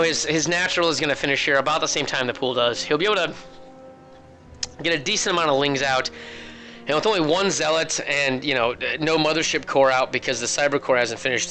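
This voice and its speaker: Male co-caster, bright forceful voice, hiccuping, breaking down a strategy game match over faint music. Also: medium pitch, poor audio. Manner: analytical, chatty, interrupted by hiccups. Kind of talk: esports commentary.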